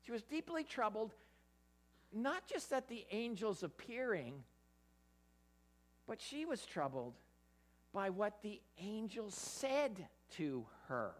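Preacher at mid pitch, really expressive voice, keeps asking the room stuff, trips over words a lot. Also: takes it slowly, long pauses. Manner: animated, quizzes the audience; stammers and restarts often. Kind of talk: interactive Bible sermon.

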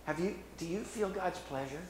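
A middle-aged man giving a sermon in an earnest, halting way, often restarting his phrases. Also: high voice, background noise. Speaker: preacher. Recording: echoey room with faint ambience.

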